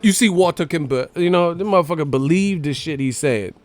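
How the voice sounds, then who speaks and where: A man hosting a live stream, giving casual boxing commentary in a profane, animated, mocking rant. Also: a little high, brisk. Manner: profane, animated, mocking ranting with frequent laughs.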